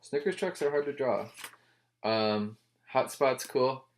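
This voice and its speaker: A man's voice: medium pitch, takes it slowly, slight background noise. A man reviewing comic books in casual chat, rambling with wry, joking asides.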